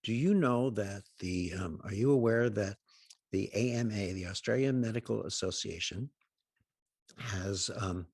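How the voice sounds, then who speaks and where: A man's voice: fairly low pitch, unhurried, darkish tone, breathy edge, no room sound. A man putting on the voice of a serious, formal male caller in a humorous anecdote. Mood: stern.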